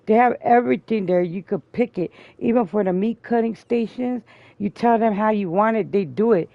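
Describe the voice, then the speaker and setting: A woman hosting a stream tells a long story in casual chat at a normal pace, swearing freely and getting loud and high-pitched when she imitates others. The recording is dry, dull lo-fi stream audio.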